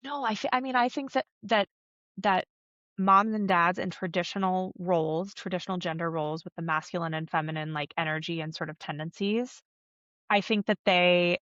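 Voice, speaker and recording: A woman's voice: lowish voice, moderate pace, a bit bright, no echo. Earnest woman coach, dry and dull. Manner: earnest, coaching, acts out little quoted voices. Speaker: somatic coach, podcast guest. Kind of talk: explanatory interview talk.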